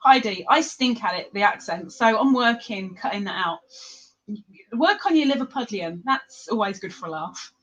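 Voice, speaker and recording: A woman's voice: mid-range voice, animated, moderate pace, fairly bright tone, muffled recording. An English woman with a non-London English accent, hosting a crochet livestream and chatting casually with viewers by name, laughing often. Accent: English, not London. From England. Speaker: crochet livestream host reading chat. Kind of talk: casual live chat.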